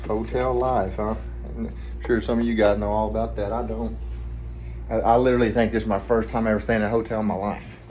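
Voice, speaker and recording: Hushed Southern man rambling in a hotel room. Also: lowish voice, level tone, a little fast, a little hiss or hum. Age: adult, family man with kids. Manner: rambling, hushed so neighbors won't hear. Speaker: vlogger, trucking trainee. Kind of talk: casual vlog talk.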